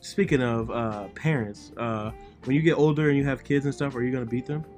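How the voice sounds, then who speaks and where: A man's voice: medium pitch, a little fast, loud music behind the voice. A young man hosting a podcast, chatting casually and teasing his co-hosts. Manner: joking, loud teasing. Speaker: podcast host.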